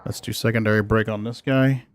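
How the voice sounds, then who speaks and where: A man's voice: lowish voice, steady tone, a little fast. A man streaming a space game, chatting casually as he plays and talks to his cats. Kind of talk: casual gameplay commentary.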